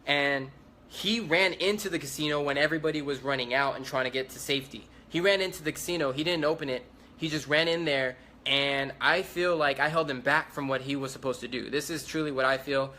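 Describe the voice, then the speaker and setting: A man's voice: on the high side, fairly quick, bright, forceful tone, slight background noise. A man giving eyewitness testimony, recounting events urgently and speeding up as he relives the chaos.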